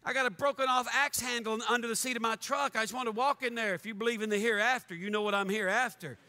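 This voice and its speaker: Animated pastor preaching in a reverberant church. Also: male voice, very high-pitched, fast talker. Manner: animated, mock-angry, joking. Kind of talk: fiery sermon. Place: church sanctuary. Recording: long church hall reverb.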